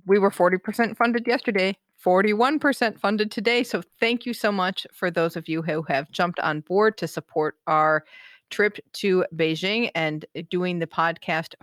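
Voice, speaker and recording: A woman co-hosting a chatty podcast, her voice sitting a little low. She talks casually and laughs easily, recorded dry and close on a podcast mic. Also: measured pace, no room sound. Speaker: podcast co-host. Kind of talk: casual chat.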